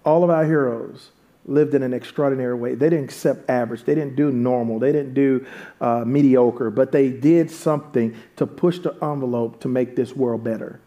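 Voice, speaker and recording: A man's voice: medium pitch, mellow. A man preaching a sermon, switching between easy, joking asides to the congregation and raised, emphatic calls. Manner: conversational, humorous asides to the congregation. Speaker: pastor.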